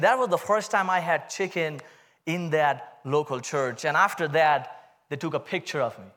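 High-voiced man with an Indian accent. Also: normal speed. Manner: animated, humorous storytelling that addresses the congregation. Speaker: guest speaker giving testimony. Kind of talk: testimony sermon.

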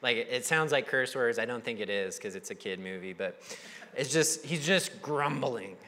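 A young male pastor preaches in a relaxed, conversational way, slipping into voices for the people he quotes. His voice sits at a middle pitch and carries a long reverb from a large church hall. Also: normal speed. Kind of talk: sermon.

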